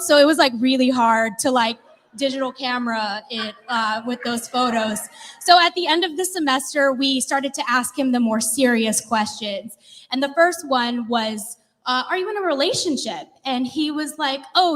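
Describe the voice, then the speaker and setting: A woman in her thirties telling a comedic personal story, animated and laughing, chatty with lots of "like". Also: sits high. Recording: long hall reverb.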